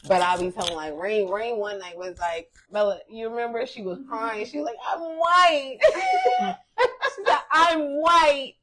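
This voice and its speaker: A woman co-hosting a casual chat, telling stories loudly and laughing often. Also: mid-range voice, a little fast, hardly any pauses, a little hiss or hum. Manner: loud, laughing, animated storyteller. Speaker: podcast co-host.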